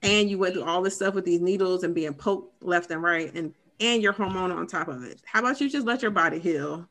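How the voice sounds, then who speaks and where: A woman in her thirties tells a personal story on a podcast. Her voice is bright and forward, and she talks in a loose, candid way with plenty of fillers. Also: lowish voice, a little fast. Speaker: podcast co-host. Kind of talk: casual chat, personal story.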